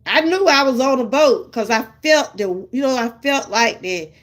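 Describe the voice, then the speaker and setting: A woman's voice: high voice, animated, normal speed, a bit bright. An older woman with a Southern US accent, chatting casually with her live viewers and laughing often. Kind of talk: casual live-stream chat.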